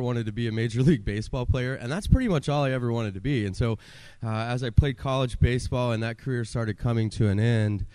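A man's voice: lowish voice, darkish tone, clean tone, dry recording. Earnest man telling his story, dry sound. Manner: earnest storytelling, acts out his own past pleas. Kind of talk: personal testimony talk.

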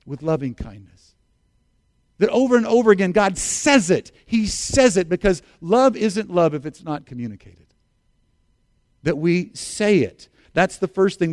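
Middle-aged male pastor with a high voice, dry and close; earnest preacher who repeats his key lines. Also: darkish tone, no echo. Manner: earnest, repeats key phrases, asks congregation to respond. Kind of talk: sermon.

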